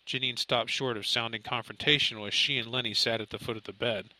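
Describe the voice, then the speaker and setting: A man narrating an audiobook in a steady, measured storytelling voice. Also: mid-range voice, rough recording. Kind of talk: scripted narration.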